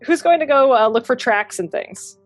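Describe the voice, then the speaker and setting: A woman running a tabletop game as game master, narrating in a relaxed, chatty way and laughing often. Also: sits high, normal speed, faint music behind.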